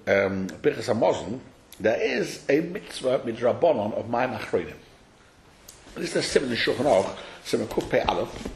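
A man teaching a study class, explaining a text to his students in an animated, questioning way and calling on them by name. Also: medium pitch, slight background noise. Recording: echoey room.

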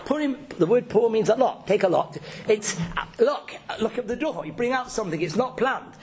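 A man's voice: very high voice, lively intonation, fairly quick, breathy edge. A man speaks to a gathering as a religious teacher. He tells his lesson with emphasis, often stumbling over repeated words before pushing on. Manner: emphatic and storytelling, with frequent repeated words and restarts. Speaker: religious teacher giving a talk. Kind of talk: informal religious talk to a gathering.

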